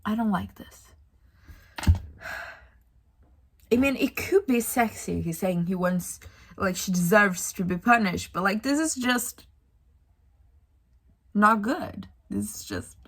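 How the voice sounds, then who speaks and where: A woman's voice: medium pitch, big pitch swings, takes it slowly, pauses often, a bit bright. A young woman reviewing a book in a casual vlog, ranting in exasperation with sighs and swearing.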